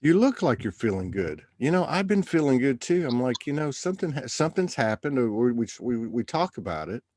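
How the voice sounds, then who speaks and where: A man's voice: medium pitch, big pitch swings, a little fast, hardly any pauses, darkish tone. A man hosting a live show, chatting loosely and rambling through his thoughts. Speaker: livestream host. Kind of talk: casual spiritual chat.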